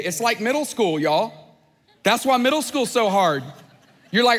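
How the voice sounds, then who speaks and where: A man's voice: very high voice, animated, normal speed, a bit bright. A man preaching a sermon in a conversational, joking way, slipping into playful voices. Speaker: pastor. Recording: long hall reverb.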